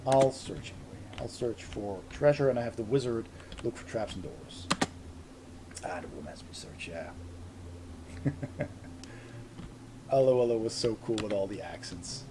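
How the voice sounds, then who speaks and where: A man's voice: fairly low pitch, lively intonation, measured pace, pauses often, noisy background. A man with a Dutch accent, a native Dutch speaker from the Netherlands, chatting casually and laughing often while he streams a board game. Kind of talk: casual gaming stream chat.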